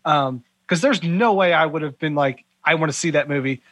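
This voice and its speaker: Bright, husky-voiced man, animated chat. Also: on the high side, normal speed, no room sound. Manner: animated, lots of "like", quotes himself. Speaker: podcast co-host. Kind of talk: casual movie chat.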